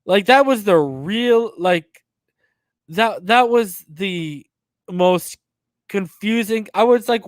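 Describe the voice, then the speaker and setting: A man in his thirties telling a long personal story on a podcast, animated and slangy with plenty of swearing. His voice sits a bit high for a man. The recording is dry and close, with no room sound. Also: slow pace, dry recording. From northern US. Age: 30s. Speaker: podcast host. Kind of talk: casual storytelling.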